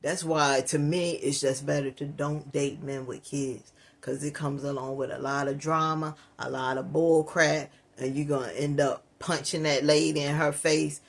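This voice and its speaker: A man with a slightly high, level voice and some vocal fry runs a reaction channel, talking at normal speed straight to his viewers in a loose, casual way. He mocks and laughs at the clip he's watching, calls his audience "y'all," and lectures them between jokes.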